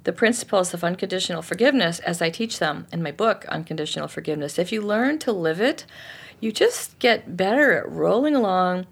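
A woman author explains her method of forgiveness in a lively, conversational way. She restarts her sentences often. Her voice sits somewhat low. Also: brisk, gravelly, husky. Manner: lively, acts out quotes, frequent restarts. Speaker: author and forgiveness teacher, guest. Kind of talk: interview answers, conversational teaching.

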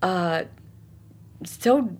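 A woman coach in casual conversation, retelling a client session and acting out the quotes with lively swings of voice. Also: drawn-out words, husky. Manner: animated storytelling, acts out quotes with big pitch swings.

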